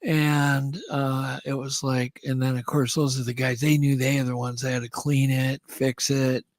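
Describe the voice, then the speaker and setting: A man on a radio show telling a story in a casual, animated way and acting out what others said. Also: medium pitch, normal speed, no echo. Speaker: guest.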